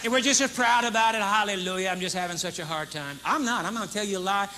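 A man's voice: high voice, fast, very noisy. A man pastor preaching a sermon to a congregation, emphatic and humorous, acting out a demonstration. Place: church stage before a congregation.

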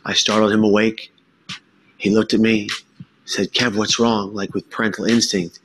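A man giving an earnest, emphatic personal testimony talk, with dramatic pauses. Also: fairly low pitch, flat delivery, a little hiss or hum. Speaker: speaker sharing his story.

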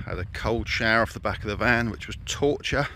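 A man's voice: lowish voice, fairly quick, background noise. A man narrating a campervan travel vlog in a casual, wry, understated way. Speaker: vlogger. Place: campervan trip outdoors.

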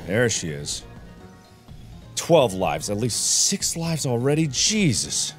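A young man hosting a gaming video, swearing a lot as he swings from low muttering to angry yelling. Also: sing-song, slow pace, pauses often, faint music behind. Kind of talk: frustrated let's play commentary.

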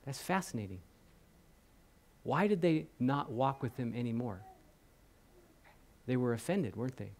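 A man's voice: medium pitch, measured pace, pauses often. A man preaching a sermon in a church, retelling scenes with chatty asides and acted-out quotes. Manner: animated storytelling, voicing the crowd and speaking in asides. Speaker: pastor.

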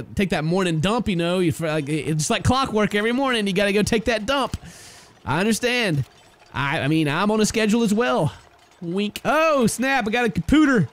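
A young man casually commentating a colony game, excitable and jokey, talking to his little characters. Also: high voice. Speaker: gaming YouTuber. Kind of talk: casual let's-play commentary.

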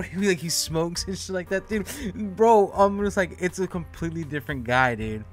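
A man's voice: on the high side, lively intonation, fairly quick, soft background music. A man co-hosting a casual podcast chat, telling a rambling story with lots of swearing and laughter. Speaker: podcast co-host.

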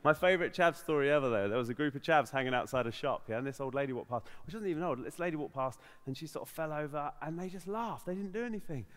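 A man with a South London accent telling stories in a stand-up comedy set, animated and prone to slipping into put-on voices. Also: on the high side, quick pace, few pauses. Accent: South London English. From England. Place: comedy venue with audience.

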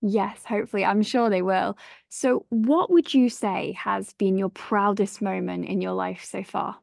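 A woman's voice: medium pitch, a little slow, creaky, dry recording, clean studio sound. A woman hosting a podcast interview. She is effusive and encouraging toward her guest. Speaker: podcast host. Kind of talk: casual interview.

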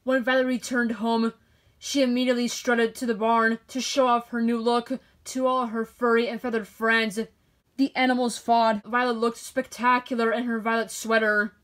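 A woman with a somewhat high voice reads a children's picture book aloud. Her delivery is expressive and made for a young audience. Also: normal speed. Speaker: storybook reader.

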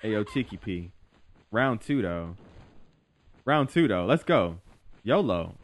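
A young man giving excitable, slangy commentary while he plays a game, yelping and talking to his creature. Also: fairly low pitch, takes it slowly. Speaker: gaming YouTuber. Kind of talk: live gameplay commentary. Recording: faint game music behind.

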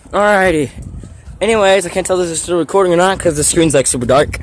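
A man's voice: high voice, brisk, creaky. A teenage boy vlogging on his phone as he walks outside, rambling in a goofy, self-mocking way with random asides. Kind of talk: rambling walk-and-talk vlog. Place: outdoors, streets and an alley. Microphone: handheld phone. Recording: phone audio with traffic noise.

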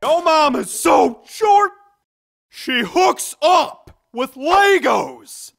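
Gravelly, lively comedy narrator who takes his time. Expect big pitch swings. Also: very slow. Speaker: joke narrator. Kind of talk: animated comedy joke reading.

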